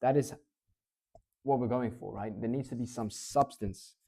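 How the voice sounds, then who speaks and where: A man coaching public speaking in a casual teaching talk, swinging between excited and slow, low delivery. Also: creaky. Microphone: clip-on mic.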